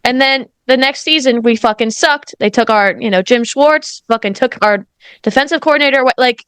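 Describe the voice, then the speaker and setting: A loud, emotional woman chats on a podcast, cursing freely. Her voice sits on the higher side and sounds close and dry, with no room around it. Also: fairly quick, clear, resonant tone, dry recording. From Philadelphia. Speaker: podcast guest. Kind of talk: casual chat.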